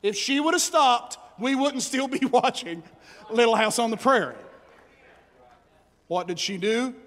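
Very high-voiced preacher, shouting. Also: male voice, a little slow. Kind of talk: sermon. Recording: long hall reverb.

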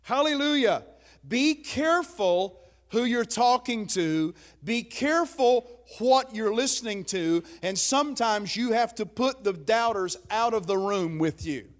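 A man's voice: high voice, lively intonation, measured pace. A man preaching a sermon as pastor, emphatic and exhorting his listeners.

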